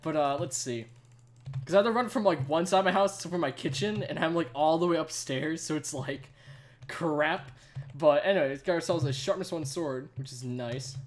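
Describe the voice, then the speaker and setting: Young dude out of breath, chatty game streamer, keeps saying like, kinda high voice. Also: male voice, normal speed. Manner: rambling, chatty, says "like" a lot. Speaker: gaming live streamer. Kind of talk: casual live stream chat.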